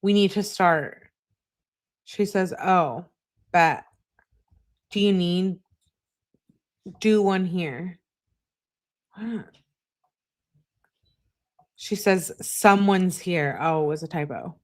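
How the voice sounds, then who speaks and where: Lowish voiced woman reading out texts real slow, flat casual delivery, little side comments. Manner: reads messages in a flat, unhurried voice with short asides. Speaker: channel host reading text messages aloud.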